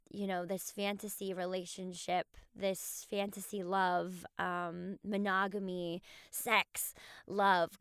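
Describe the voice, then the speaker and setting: A woman podcast host giving a heartfelt, emotional farewell to her listeners, halting with many restarts. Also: mid-range voice, pushed and bright, clean tone, dry recording, studio quality.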